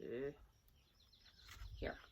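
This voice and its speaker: A middle-aged woman teaching a children's phonics lesson, talking slowly in a sing-song way and mixing in songs. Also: noisy background. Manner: slow, lively, sing-song teacher talk to young children.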